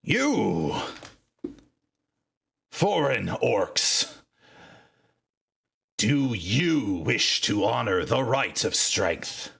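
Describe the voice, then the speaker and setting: A man's voice: medium pitch, sing-song, vocal fry, a bit bright, slightly rough, exaggerated voice. A man doing a solemn old orc seer. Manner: slow, formal, ceremonial pronouncements. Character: solemn male orc seer in priestly robes. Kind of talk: tabletop game voice acting.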